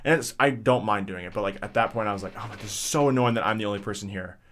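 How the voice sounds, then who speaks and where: A man's voice: fairly low pitch, racing, fairly bright tone, slight background noise. A young man casually telling a rambling story on a podcast, swearing often and full of fillers and restarts. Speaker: podcast co-host.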